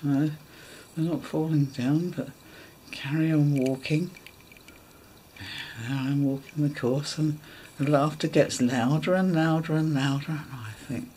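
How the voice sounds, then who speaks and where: A woman's voice: low voice, fairly even intonation, a little slow, long pauses, dark tone, a little hiss or hum. A woman telling a funny personal anecdote in a chatty way, often laughing and acting out her own thoughts. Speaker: dog agility vlogger. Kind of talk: casual anecdote.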